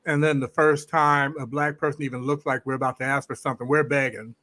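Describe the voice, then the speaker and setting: A man calling in to a live discussion as a guest, speaking in a measured, thoughtful way with some hesitations. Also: medium pitch, level tone, sharp tone, no echo, rough recording. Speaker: guest caller. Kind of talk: casual call-in commentary.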